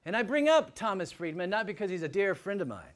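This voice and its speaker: A man giving a public lecture to a live audience, animated and emphatic, swinging from loud points to hushed asides. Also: sits high, quick pace. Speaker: guest lecturer.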